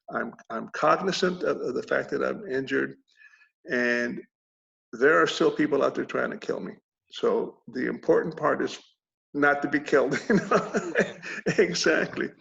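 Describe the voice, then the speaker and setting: A man with a deeply gravelly, creaky voice tells his own story, stumbling and repeating words and chuckling now and then. He sits at a middle pitch. The recording sounds dull and lo-fi. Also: a bit bright. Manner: halting, repeats words, chuckles through grim details. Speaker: interviewee recounting a combat injury. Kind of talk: personal storytelling.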